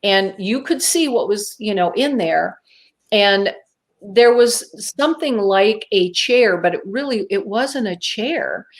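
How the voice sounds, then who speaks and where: Woman, talk-show guest; vivid, emphatic storyteller; dramatic pauses, acts out her inner voices. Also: mid-range voice, animated.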